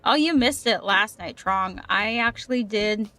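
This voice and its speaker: This young woman's voice is mid-range and sharp in tone, and her pace is a little slow. She's livestreaming a game, talking casually and upbeat with her chat and occasionally tripping over words.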